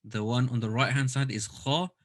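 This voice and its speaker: A man's voice: mid-range voice, fairly even intonation, moderate pace. A man teaching a Quran recitation class online, explaining step by step and demonstrating sounds aloud over a computer mic.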